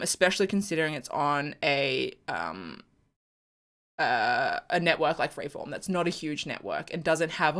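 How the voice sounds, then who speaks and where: A woman's voice: mid-range voice, a bit bright. A young woman reacting to a TV episode in casual chat, gushing and emotional, often laughing and sighing. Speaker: fan channel host.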